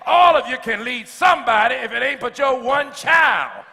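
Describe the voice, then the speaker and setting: High, bright-voiced male preacher. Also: lively intonation, moderate pace, vocal fry, long reverb tail, some chatter behind. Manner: call-and-response preaching, building to shouts; slips in humor. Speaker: pastor. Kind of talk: sermon. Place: church sanctuary.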